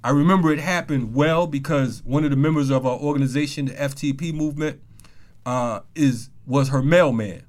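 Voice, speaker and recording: A man's voice: mid-range voice, moderate pace. A man hosting a casual talk show, talking loose street slang and telling a story with heat. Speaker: podcast host. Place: Atlanta.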